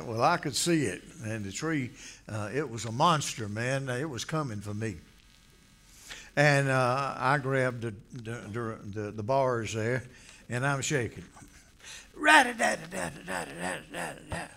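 A man preaching a folksy sermon, telling stories from his childhood and rising now and then into loud exhortation. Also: medium pitch. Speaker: pastor. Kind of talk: folksy sermon with personal story.

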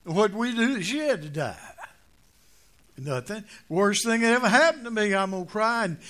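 An older man preaching a folksy sermon, telling stories and jokes, dropping to quiet asides and rising to loud emphatic points. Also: sits high, animated, normal speed.

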